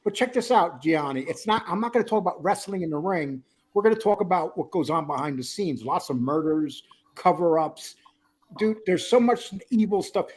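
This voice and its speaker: Husky, lively high-voiced male host. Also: moderate pace. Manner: joking, teasing, reads chat aloud. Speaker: livestream host. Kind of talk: casual livestream chat.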